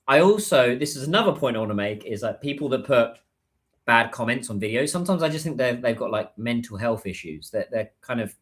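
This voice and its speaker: A middle-aged man chatting casually on his livestream, rambling and hunting for words with lots of ums and uhs. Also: medium pitch. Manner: rambling, searches for words with many fillers. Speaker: livestream host.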